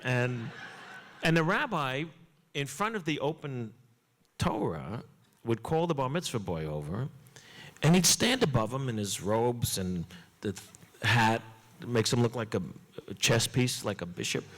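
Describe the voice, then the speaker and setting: A man telling a comic story on stage in an animated way, jumping up in pitch for punchlines. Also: a little slow. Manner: animated, swoops high for punchlines. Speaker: comedian guest. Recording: long hall reverb.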